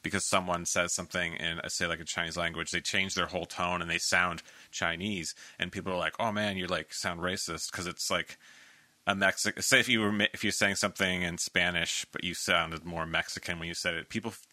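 A man with a very low pitch and a bright, sharp edge to his voice hosts a relaxed interview. He talks easygoing and halting, restarting his sentences, and the video-call sound is close and dry. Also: no room sound. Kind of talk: casual interview.

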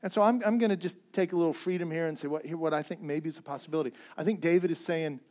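A middle-aged man preaching a sermon in a conversational way, swinging from loud emphatic lines to hushed, near-whispered quotes. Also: on the high side, racing. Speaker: pastor.

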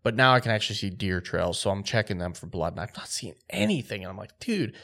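A man's voice: low-pitched, quick pace, gravelly. A man co-hosting a podcast, telling a story in a casual, laid-back way full of "like" and quoted dialogue. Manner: excited, lively retelling with quoted dialogue; laid-back, filler-heavy speech with frequent "like". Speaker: podcast co-host.

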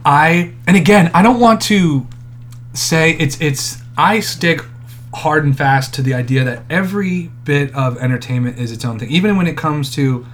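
A man's voice: a little high, moderate pace, a bit bright, slight background noise. A man co-hosting a casual podcast, rambling and swearing freely as he reviews a show. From Florida. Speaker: podcast co-host. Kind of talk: casual chat.

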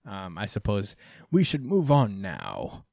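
A man co-hosting a casual manga review podcast, relaxed and full of fillers, recapping with playful quoted voices. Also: lowish voice, takes it slowly, vocal fry, no room sound, clean studio sound. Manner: relaxed, many fillers, acts out characters in quotes. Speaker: podcast co-host.

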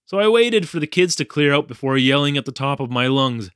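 A man's voice: fairly high pitch, lively intonation, fairly quick, fairly bright tone, clean tone, no echo, clean studio sound. Devon, a man playing a flustered young teacher. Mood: recounting. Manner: wry, self-deprecating storyteller. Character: flustered young male English teacher recounting an ordeal. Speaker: English teacher in Japan. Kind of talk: audio drama storytelling narration.

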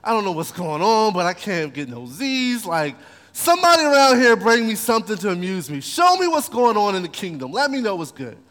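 Man playing a casual slangy king, lively high voice, long hall reverb. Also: brisk. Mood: restless. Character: easygoing, slangy male king.

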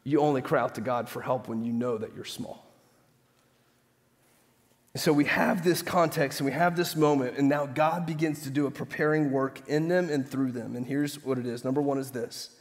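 A man preaching a sermon in a church sanctuary, emphatic and quizzing the congregation with call-and-response questions. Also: medium pitch. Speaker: pastor. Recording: echoey hall reverb.

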